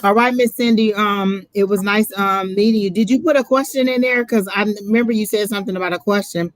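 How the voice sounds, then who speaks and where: Doing a live psychic reading, a woman with a mid-range voice speaks briskly, with no echo in the recording. Emotional and close to crying, she preaches with emphasis and addresses the listener as "honey."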